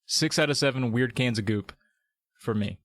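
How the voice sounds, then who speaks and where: Man, podcast host, casual chat, mid pitch, dry close recording. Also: moderate pace, dry recording. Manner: relaxed, wraps up the show with plugs.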